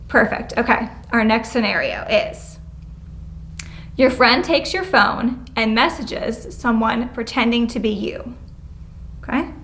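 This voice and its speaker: Brisk, upbeat woman teaching a class. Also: on the high side, a bit bright, a little hiss or hum. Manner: brisk, encouraging, gives clear step-by-step directions; acts out example phrases with changing tone. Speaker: prevention educator leading a class. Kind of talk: classroom instruction. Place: school classroom, indoors.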